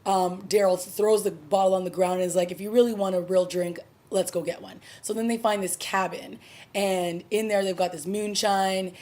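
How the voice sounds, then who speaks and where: A woman's voice: mid-range voice, a little mellow. Chatty woman recapping a TV episode. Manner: chatty, conversational recap with fillers. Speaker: TV review vlogger. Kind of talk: casual spoken episode review.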